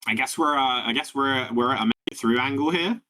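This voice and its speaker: A man running a tabletop game as game master, describing the scene in a rambling way. He keeps circling back with fillers and restarts as he works out each detail, at an ordinary middle pitch. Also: fairly quick, sharp tone.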